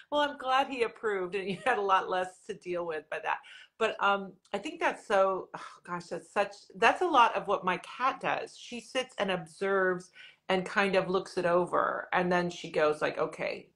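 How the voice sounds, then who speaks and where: A woman's voice: mid-range voice, unhurried, a bit bright. A woman hosting a podcast interview, enthusiastic and affirming, who laughs often and asks her guest questions. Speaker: podcast host and author. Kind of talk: casual interview conversation.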